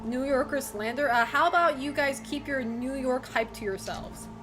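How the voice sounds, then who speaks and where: A woman's voice: sits high, normal speed, background noise. A woman streaming live, chatting casually with her viewers, giggling often and swearing now and then. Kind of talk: casual livestream chat.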